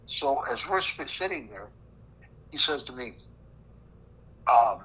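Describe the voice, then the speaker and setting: A man's voice: medium pitch, very animated, takes it slowly, long pauses, sharp tone, breathy edge, poor audio. An older man, a former prosecutor recounting a case in an interview, emphatic and acting out the dialogue. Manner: emphatic, acts out quoted dialogue. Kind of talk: storytelling interview.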